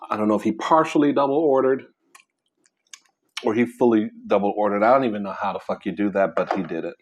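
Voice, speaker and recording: Man, mukbang vlogger, low voice, rambling chat between bites, faint noise behind. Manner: rambling, chewing and pausing mid-sentence. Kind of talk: casual chat while eating.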